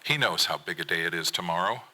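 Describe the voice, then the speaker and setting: A man voicing a mother in a story he reads, speaking softly and calmly. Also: low-pitched, fast talker, voice pushed down, exaggerated voice, rough recording. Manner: soft and soothing. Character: calm, gentle mother.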